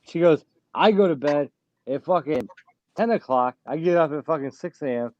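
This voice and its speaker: A man's voice: a little high, animated, moderate pace, a little mellow, dry recording, lo-fi sound. A man hosting a casual live show, talking bluntly and swearing often, bragging about pushing through on little sleep. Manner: blunt, swears a lot, boastful. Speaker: show host. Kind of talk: casual live-stream chat.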